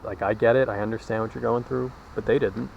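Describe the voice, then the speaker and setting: A man's voice: mid-range voice, steady tone, fast, creaky, lo-fi sound, background noise. A man vlogging while out walking, rambling candidly in a casual monologue and swearing freely. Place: outdoors, walking.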